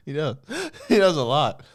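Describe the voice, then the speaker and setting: A man's voice: a little high, dry recording, studio quality. A man co-hosting a comedy podcast, laughing often as he riffs on crude jokes. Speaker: podcast co-host.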